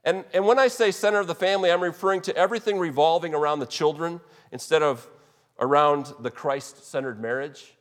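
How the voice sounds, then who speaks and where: A man's voice: fairly high pitch, brisk. A man preaching a sermon as pastor, earnest and emphatic, often restarting his phrases. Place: church sanctuary. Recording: long hall reverb.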